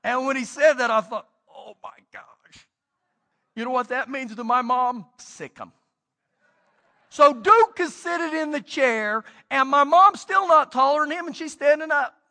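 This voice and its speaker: A middle-aged man preaching a sermon as pastor, telling stories and swinging between loud and hushed delivery. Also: very high voice, normal speed, in a large hall.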